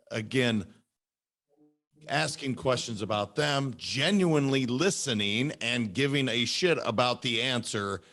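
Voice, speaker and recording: A male podcast host with a mid-range voice who chats loosely and informally. He jumps in with quick asides and talks to his guest like an old friend. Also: medium pitch, fairly bright tone. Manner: informal, calls guest "brother". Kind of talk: casual interview chat.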